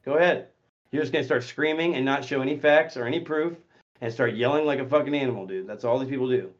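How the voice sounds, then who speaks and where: A man hosting a voice chat stream, talking in a profane, confrontational way that swings between muttering and shouting. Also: mid-range voice, fast talker, dull audio. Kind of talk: heated casual voice chat.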